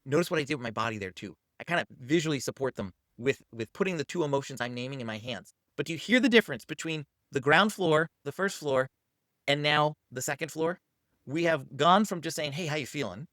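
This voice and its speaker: A man's voice: on the high side, expressive, brisk, bright, forceful tone, dry recording, clean studio sound. A man hosting a parenting channel, teaching to camera in an upbeat coaching manner and acting out what to say to a child.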